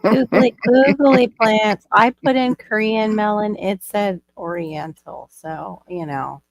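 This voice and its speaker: A woman's voice: mid-range voice, slow, vocal fry. A woman hosting a live stream, chatting casually and bubbly, laughing easily. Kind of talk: casual chat.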